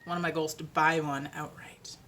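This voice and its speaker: A woman's voice: sits low, little pitch movement, moderate pace, fairly bright tone, a little hiss or hum. A woman vlogging from home in a casual, rambling chat, with lots of "like" and laughter. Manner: chatty and rambling, with many fillers and laughs. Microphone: ring-lit camera.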